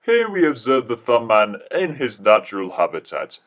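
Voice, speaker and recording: A man's voice: medium pitch, sing-song, moderate pace. A man telling a comic mock-documentary story, rambling, jokey and full of restarts.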